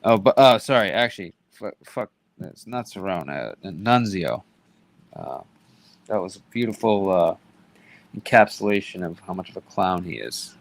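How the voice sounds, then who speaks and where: A man's voice: low voice, animated, normal speed, vocal fry, no room sound. A young man hosting a casual livestream chat, rambling, swearing often and getting easily irritated. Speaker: livestream host.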